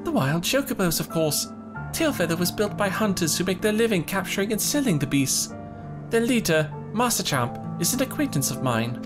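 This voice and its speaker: A man's voice: high voice, sing-song, moderate pace, over music. A man voicing a formal, polished young male scholar in a game cutscene. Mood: earnest.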